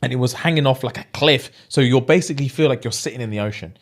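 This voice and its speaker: A young man telling a story as a podcast co-host, slangy and animated, acting out what people said. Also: medium pitch, fast talker. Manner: animated, slangy, acts out quotes. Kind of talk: casual storytelling chat.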